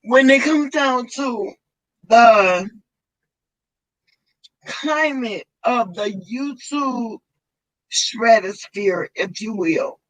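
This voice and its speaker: A woman vlogger, talking slowly and tearfully in an emotional livestream chat with a co-host. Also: fairly high pitch, animated, rough recording. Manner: tearful, effusive, slow heartfelt talk.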